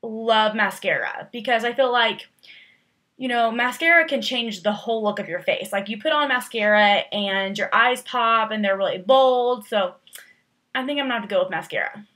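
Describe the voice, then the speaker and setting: Bright, chatty young woman vlogger. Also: fairly high pitch, normal speed. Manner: chatty, rambling, filler-heavy with lots of "like"; playful, exaggerated emphasis. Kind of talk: casual chat answering tag questions.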